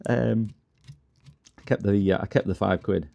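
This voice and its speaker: A man's voice: lowish voice, steady tone, a little slow, gravelly, warm tone, dull audio. A man chatting casually to his stream while he works on repairs, telling rambling stories with lots of restarts and laughs. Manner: rambling, stop-start storytelling with frequent laughs and restarts. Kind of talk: casual chat while working. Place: workbench at home.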